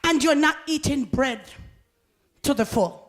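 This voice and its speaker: A woman preaching a sermon with fervor, laughing often and swinging from talk into shouts as she calls on the congregation. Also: sits high, a little slow.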